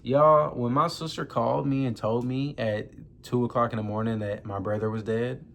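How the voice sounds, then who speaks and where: A man's voice: mid-range voice, fairly even intonation, normal speed, gravelly, fairly bright tone, slight background noise. A young man, grieving as he tells a personal story in loose, slangy talk, close to tears. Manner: loose, conversational slang, addresses viewers as y'all. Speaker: vlogger. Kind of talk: emotional personal storytelling to camera.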